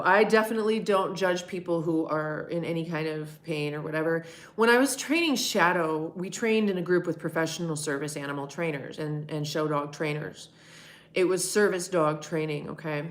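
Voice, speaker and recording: A middle-aged woman hosting a live stream, answering chat in a candid, rambling way and swearing freely. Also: fairly low pitch. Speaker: livestream host answering chat.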